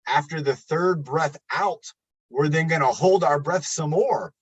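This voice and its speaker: A man's voice: fairly high pitch, a little slow, breathy edge, highs cut off. A man leading a live online exercise class as a fitness coach, upbeat and chatty, counting reps and talking to viewers by name. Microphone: computer webcam.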